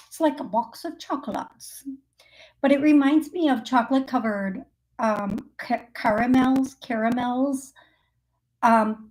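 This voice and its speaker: A fairly high-voiced woman runs a live call-in psychic reading show at an unhurried pace. She rambles with plenty of ums and restarts. She laughs easily as she talks. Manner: chatty and rambling, with frequent fillers and self-corrections.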